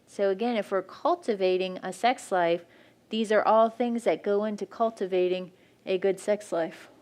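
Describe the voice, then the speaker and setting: A woman's voice: mid-range voice, moderate pace, darkish tone. A woman speaking frankly and practically at a church marriage workshop, teaching couples.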